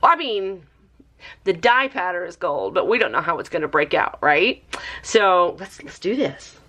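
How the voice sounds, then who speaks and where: A woman hosting a casual craft review vlog, chatty and excitable, talking to viewers like friends. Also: moderate pace. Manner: bubbly and excitable, squeals with high delight. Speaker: craft video host.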